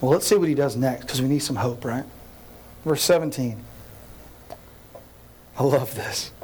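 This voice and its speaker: A man preaching a sermon as pastor, telling a story in an animated way, acting out scenes and speaking straight to his listeners. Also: mid-range voice, unhurried, slight background noise.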